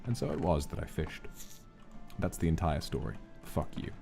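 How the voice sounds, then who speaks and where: Man, gameplay streamer, playful, theatrical, hugely varied pitch, soft music underneath. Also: big pitch swings, normal speed, vocal fry. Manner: theatrical and playful, swings between grand and hushed. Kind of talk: casual gameplay stream chat.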